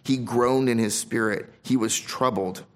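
A man preaching a sermon as pastor, reading scripture aloud and swinging between emphatic loud stresses and quiet drops. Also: medium pitch, steady tone, unhurried. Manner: reads scripture aloud in King James wording.

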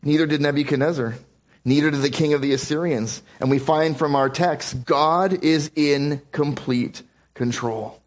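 A man preaching a sermon, reading scripture slowly and explaining it verse by verse. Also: on the high side. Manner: reads scripture slowly in King James wording.

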